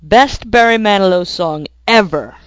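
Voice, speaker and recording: A woman podcast host in relaxed, chatty conversation, full of enthusiasm and warm jokes. Her pitch is lively and animated. The sound is dry and close, with no room echo. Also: a little slow, clean tone. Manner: chatty and enthusiastic, warmly joking. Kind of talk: casual chat.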